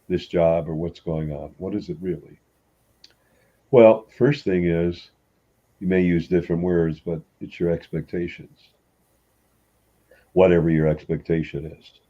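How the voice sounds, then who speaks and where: A man talking in a folksy, plain-spoken way, joking lightly as he explains. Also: sits low. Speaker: speaker answering a question. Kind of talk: relaxed spoken talk. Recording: dull lo-fi sound.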